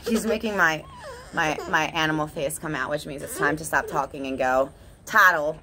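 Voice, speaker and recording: A woman's voice: low voice, normal speed, background noise. A woman talking in a casual, candid vlog monologue, swearing often and laughing between thoughts. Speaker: vlogger.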